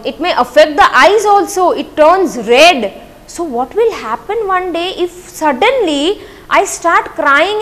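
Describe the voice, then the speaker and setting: Woman teacher, high voice, keeps asking and answering her own questions, echoey room. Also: a bit bright. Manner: repetitive, asks questions and answers them herself. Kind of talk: explaining a poem to a class.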